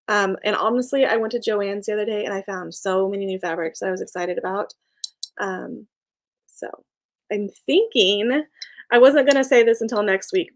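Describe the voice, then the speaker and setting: A young woman chatting casually on a live stream, reading viewer comments, bubbly and laughing often. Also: medium pitch. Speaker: small business owner and live streamer.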